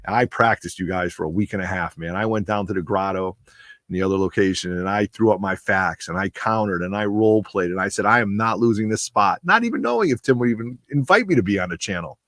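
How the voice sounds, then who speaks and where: A man in his forties with a lowish voice talks straight into a dry, close mic. He hosts a comic book channel and gives a heartfelt tribute that rambles and runs with emotion. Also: animated, fast, fairly bright tone, no echo.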